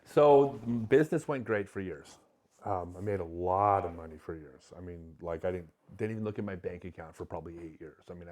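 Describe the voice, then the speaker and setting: A man's voice: deep voice, a little mellow. A middle-aged man, a podcast guest, candidly telling an emotional personal story with many restarts.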